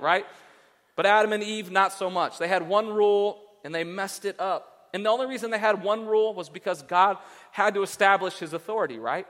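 A man preaches a sermon in an easygoing, conversational style, often turning to the congregation with asides. His voice sits a little high and swings from loud emphasis to quiet. It echoes with a long reverb through a large church hall. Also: fairly quick. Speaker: pastor.

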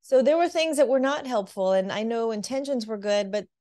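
A woman working as a divorce coach, speaking candidly in an interview and telling her story with lively acted quotes. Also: fairly high pitch, brisk. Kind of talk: interview conversation.

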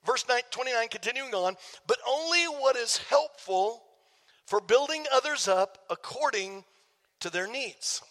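A man, a pastor preaching a sermon, telling a story with jokes for the congregation in an animated way. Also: extremely high pitch, unhurried. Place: church sanctuary. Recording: long hall reverb.

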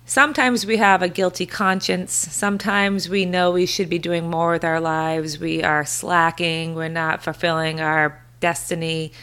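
A woman's voice: on the low side, little pitch movement, measured pace, hardly any pauses, a bit bright, clean tone. A woman hosting a podcast, giving an earnest, encouraging motivational talk that repeats phrases for emphasis. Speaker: podcast host, confidence coach.

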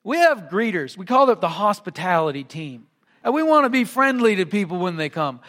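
A man's voice: high voice, big pitch swings, brisk, fairly bright tone, in a large hall. A male pastor preaching a sermon in a church. He reads scripture and then explains it in an earnest, emphatic way. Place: church sanctuary.

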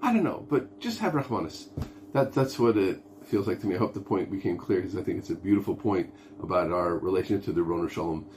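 A rabbi with a deep, slightly mellow voice talks fast through an earnest, informal lesson on prayer, mixing Hebrew and Yiddish terms into English and acting out pleading. A little hiss or hum can be heard.

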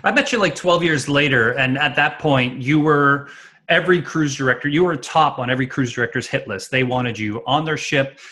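A man's voice: medium pitch, moderate pace, sharp tone. A man co-hosting a podcast, asking a guest questions in an enthusiastic, admiring way. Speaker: podcast co-host. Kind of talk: casual interview chat.

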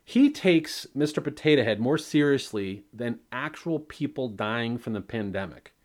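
A man's voice: mid-range voice, lively intonation, unhurried, a little mellow. A man hosting a solo podcast, rambling and swearing freely while he mocks himself. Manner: rambling, profane, self-mocking. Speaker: podcast host.

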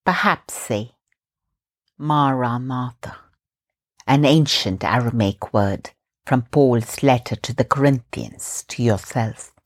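A woman from India hosting a Christian meditation podcast, calmly guiding breathing and scripture reflection. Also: extremely low pitch, breathy edge. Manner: calm, slow, gently instructive.

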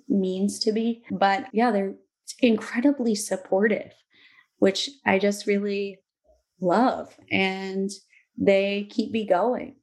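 A woman in her thirties, a guest in an interview, speaking slowly and reflectively about hard personal things. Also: medium pitch, darkish tone. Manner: slow, reflective, emotional. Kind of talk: candid interview talk.

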